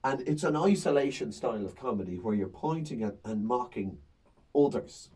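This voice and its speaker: A man's voice: medium pitch, moderate pace, breathy edge, recorded from a distance. A man, a stand-up comedian, chatting casually and acting out his banter with audience members. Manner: animated storytelling, acts out crowd banter. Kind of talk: casual chat.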